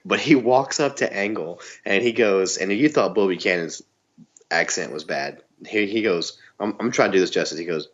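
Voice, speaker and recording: Low-voiced excited man. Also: moderate pace, dull audio. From Southern US. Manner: excited storytelling with laughs. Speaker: podcast co-host. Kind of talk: casual chat.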